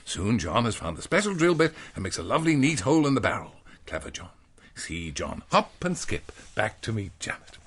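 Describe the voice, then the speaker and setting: A man reads a parody children's story aloud in a playful, mock-earnest way. His voice has a husky grain. His pitch swings very widely. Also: big pitch swings, brisk, fairly bright tone.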